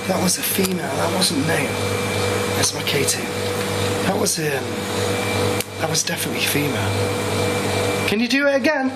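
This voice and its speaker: A man investigating alone in a pub cellar, calling out to spirits in a coaxing, hushed way while filming himself. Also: a little high, animated, normal speed, long pauses, very noisy. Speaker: paranormal investigator. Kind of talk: solo ghost-hunt narration. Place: pub cellar with beer kegs. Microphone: self-filmed camera mic.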